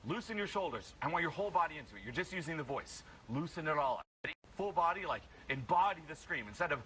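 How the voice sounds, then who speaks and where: Brief: male workshop coach, lively swinging delivery, blunt and energetic, noisy live room. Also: fairly high pitch, fast, hardly any pauses. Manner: energetic, blunt, bursts into loud yells. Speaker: social confidence coach.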